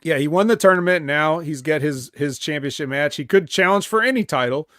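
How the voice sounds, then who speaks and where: A man co-hosting a wrestling podcast over a remote call, recapping matches in a halting way with fillers. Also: fairly high pitch, fairly bright tone, no echo, clean studio sound. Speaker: podcast co-host.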